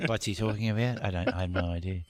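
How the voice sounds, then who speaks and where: A man's voice: fairly low pitch, fairly even intonation, quick pace, a little hiss or hum. A man co-hosting a podcast, trading dry quips in casual chat. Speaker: podcast co-host.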